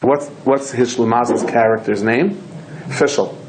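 A man of middle pitch giving a storytelling Torah talk. He tells his stories with lively delivery and slips into his characters' voices as he goes. Faint ambient noise sits quietly behind him. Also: a little slow, low-quality recording. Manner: animated storyteller who acts out voices and shouts in quoted lines. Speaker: rabbi.

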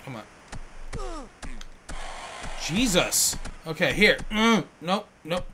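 Let's-play host, man, bright edge, raised pitch, crude excitable joking over faint noise. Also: slow. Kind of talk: gameplay commentary. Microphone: headphones on, home setup.

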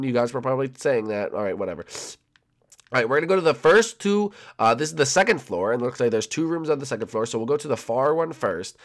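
A young man commenting on a building game, rambling and excitable with many fillers. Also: mid-range voice. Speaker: gaming channel host. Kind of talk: gameplay commentary with role-play.

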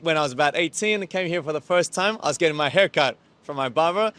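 A man's voice: fairly high pitch, animated, fast talker, fairly bright tone, no room sound. A young man from Australia with an Australian accent, chatting easily in a street interview and laughing often. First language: English. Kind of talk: casual interview answers.

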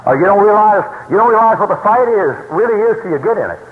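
A man's voice: sits high, animated, quick pace. A man preaching a sermon in a folksy, emphatic storytelling way, recorded in a large church hall. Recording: tinny, echoey hall recording from the 1960s.

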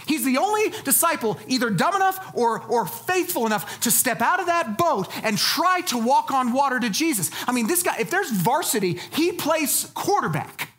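A woman pastor delivering a sermon, lively and dynamic, dropping to low, soft tones for emphasis. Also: moderate pace, few pauses.

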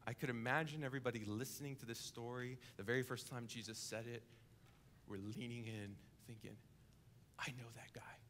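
A young adult coordinator preaching a sermon in church, telling a story vividly, dropping to a hush and then building to emphasis. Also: male voice, medium pitch, steady tone, brisk, slight background noise. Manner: vivid storytelling, acting out the characters; swings between hushed and emphatic. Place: church service, live-streamed.

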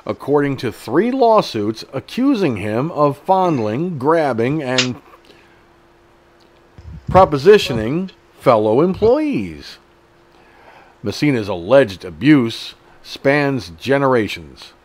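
Blunt, profane middle-aged man with a lively voice. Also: medium pitch, slow. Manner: blunt and profane, indignant asides. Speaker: online news show host. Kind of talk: reading a news article aloud with commentary.

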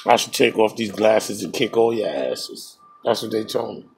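A man's voice: fairly low pitch, normal speed, slight background noise. A man streaming a game and trading profane, boastful taunts, breaking into laughter at his own jokes. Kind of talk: trash-talking commentary over a game.

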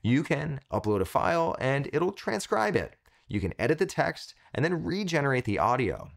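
An enthusiastic male host walks viewers through software in a scripted review. His voice is of middle pitch and swings widely in lively, animated phrasing, with quick punchy asides. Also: gravelly. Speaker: tech tutorial host. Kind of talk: upbeat scripted product review.

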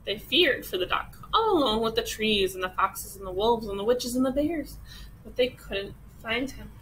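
A woman teacher reading a children's picture book aloud with expressive storytelling. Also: a little high, normal speed, a little hiss or hum, poor audio.

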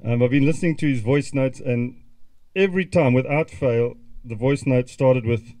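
A middle-aged man speaks at an outdoor memorial gathering. His voice sits at an ordinary middle pitch. He reminisces fondly, with small chuckles and false starts. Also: moderate pace, no echo, low-quality recording. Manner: warm reminiscing with chuckles and restarts. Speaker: eulogy speaker. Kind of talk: memorial speech. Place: outdoor gathering at a country club.

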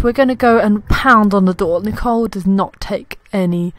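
A woman's voice: mid-range voice, fairly even intonation, moderate pace, hardly any pauses, no room sound. Chatty woman narrating her game. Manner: chatty, giggly, talks to her game characters. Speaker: gaming YouTuber. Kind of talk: casual Let's Play commentary. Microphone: desktop USB mic. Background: faint game music.

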